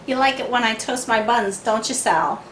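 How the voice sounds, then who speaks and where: A woman's voice: fairly high pitch, moderate pace, fairly bright tone, reverberant, slight background noise, lightly acted. A woman doing a bubbly Harley Quinn. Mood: playful. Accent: put-on Harley Quinn Brooklyn-style accent.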